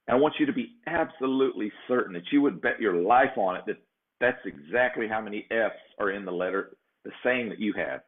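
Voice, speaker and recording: A man's voice: on the low side, lively intonation, brisk. A man hosting a show, telling a long casual story and often tagging "right?" onto his sentences. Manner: rambling, peppers sentences with "right?". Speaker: show host. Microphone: checks own sound setup. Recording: phone-like narrow sound.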